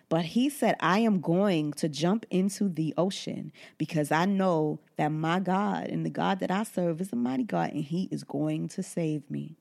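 A woman's voice: on the low side, gravelly. A woman from Brooklyn, a podcast host telling a faith story in a casual, preaching way and acting out the voices in it. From Brooklyn, New York. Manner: animated storyteller, acts out voices in quotes.

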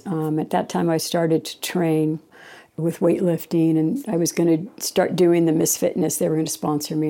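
A middle-aged woman being interviewed tells a meandering personal story in an easygoing way, performing the quoted lines as she goes. Her voice is on the low side, creaky and dark in tone.

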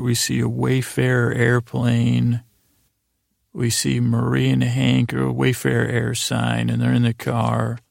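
Very gravelly, flat-voiced man rambling softly. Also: medium pitch, no echo, clean studio sound. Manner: meandering, casual, with asides and self-corrections. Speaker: sleep podcast host. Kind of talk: rambling bedtime story recap.

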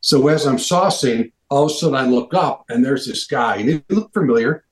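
A man guesting on a video call, telling animated anecdotes and acting out the people he quotes. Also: medium pitch, fairly quick, echoey room, poor audio. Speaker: interview guest. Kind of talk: casual storytelling.

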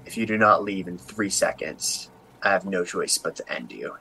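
A man doing a raspy, menacing hooded cultist. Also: low voice, expressive, normal speed, bright, forceful tone, slight background noise, pitched below the performer's own voice, heavily acted, low-quality recording. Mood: threatening.

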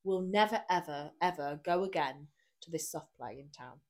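A woman's voice: low-pitched, moderate pace. Chatty woman telling a story. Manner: animated anecdote-telling with frequent laughter and acted quotes. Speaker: podcast co-host. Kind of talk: casual chat, storytelling.

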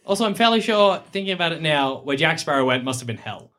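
A man's voice: fairly high pitch, lively intonation, quick pace, a bit bright. A man hosting a podcast, chatting casually and laughing often. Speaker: podcast host. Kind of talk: casual chat.

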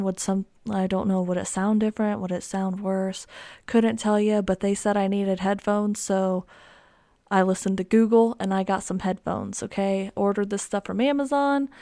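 A woman's voice: mid-range voice, a little mellow. A young woman talks into a desk microphone, hosting her own podcast in a loose, chatty way. She rambles and pokes fun at herself, with plenty of "like" and "um" along the way. The sound is dry and close, with no room echo. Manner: chatty and self-mocking, many fillers like "like" and "um". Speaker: podcast host. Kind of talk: casual solo podcast chat. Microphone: desk microphone with headphones.

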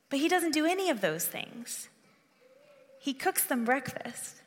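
Woman preacher, earnest and conversational, fairly high voice, reverberant hall. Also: big pitch swings, unhurried. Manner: earnest, conversational, with frequent restarts. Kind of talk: sermon.

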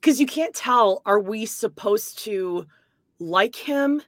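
A woman co-hosting a podcast over a video call, leading the topics in a steady, wry casual chat while coming down with a cold. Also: on the high side, slow, no echo, studio quality. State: coming down with a cold, clearing throat. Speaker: podcast co-host.

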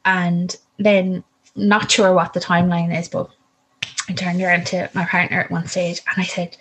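On a rough recording with slight background noise, a fairly low, level female voice moves at a moderate pace. The speaker, a young woman, recounts her birth story frankly and casually, wandering off track and cutting herself off to correct things, with laughter and swearing.

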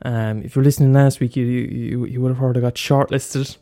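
A man hosts a solo podcast, rambling casually with plenty of swearing, filler words and restarted sentences. His mid-range voice has a dark tone and a level, even delivery at a fairly quick pace.

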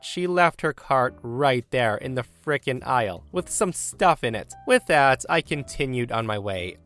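A man narrating listener stories for a podcast in a lively, dramatic way, adding his own comments. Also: mid-range voice. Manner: lively, dramatic, mocking voices for quoted lines. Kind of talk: animated story narration with commentary. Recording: faint music bed behind.

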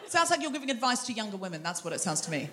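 A woman's voice: mid-range voice, big pitch swings, a bit bright, a little hiss or hum. A woman hosting a live comedy show on a theatre stage, bantering with the audience in a teasing, chatty way. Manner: teasing, chatty crowd work with quick asides. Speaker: host.

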